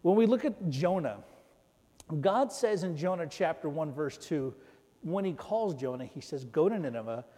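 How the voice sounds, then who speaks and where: A male pastor giving a conversational sermon, swinging between loud emphasis and soft asides. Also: fairly high pitch, lively intonation, unhurried. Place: church. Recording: long reverb of a church hall.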